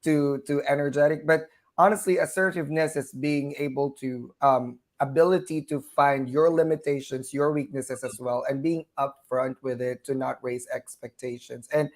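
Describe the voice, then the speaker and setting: A man's voice: medium pitch, steady tone, moderate pace. A man hosting an interview podcast, talking earnestly in a casual way and often repeating words as he goes. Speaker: podcast host.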